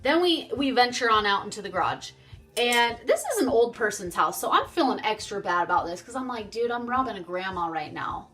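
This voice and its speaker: A woman's voice: mid-range voice, expressive, brisk, fairly bright tone, faint music behind. A young woman vlogger chatting casually and animatedly through a storytime, swearing freely. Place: home, getting ready on camera.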